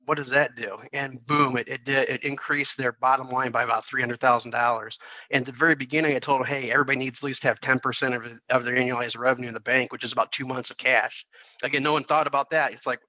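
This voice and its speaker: A man's voice: mid-range voice, fast talker, no room sound, dull audio. A man, a firm's chief executive, telling a story as a podcast guest, with frequent restarts and repeated words. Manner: repeats words and restarts often, animated retelling. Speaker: podcast guest, accounting firm CEO. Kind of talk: storytelling in a casual interview.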